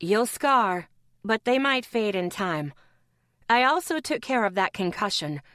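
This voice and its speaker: A woman voicing a gentle, teasing pregnant healer. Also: medium pitch, expressive, measured pace, dry recording, clean studio sound.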